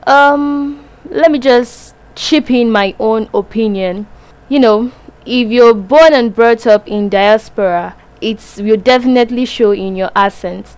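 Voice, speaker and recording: A Nigerian woman speaks a touch high and talks earnestly, stressing her points. Her feedback comes as a casual voice note. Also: a little slow, a little mellow, rough recording. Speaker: listener giving feedback.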